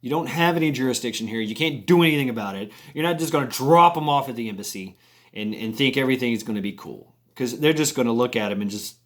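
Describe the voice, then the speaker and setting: A man's voice: mid-range voice, expressive, fast talker, lightly acted. A man voicing a stern male FBI agent who delivers blunt warnings. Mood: dismissive.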